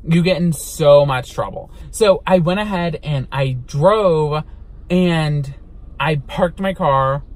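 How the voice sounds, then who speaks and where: High-voiced young man telling a story. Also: slow pace. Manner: animated, dramatic retelling with swearing. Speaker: vlogger. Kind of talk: storytime vlog. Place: inside a car.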